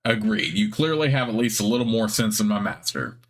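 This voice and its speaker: A man's voice: fairly low pitch, fairly quick, natural voice. Cheeseball, a sour old cat, voiced by a man. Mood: sulky. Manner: sullen, complaining, dismissive. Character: grumpy old male cat familiar, bitter.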